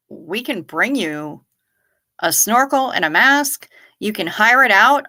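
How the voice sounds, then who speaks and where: A woman's voice: medium pitch, sharp tone. A woman hosting a livestream, answering chat questions in casual, profane, sarcastic talk.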